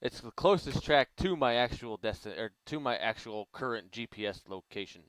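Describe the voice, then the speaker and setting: A man's voice: mid-range voice, lively intonation, moderate pace, a bit bright. A man hosting a gaming channel, giving casual, rambling gameplay commentary and laughing a lot.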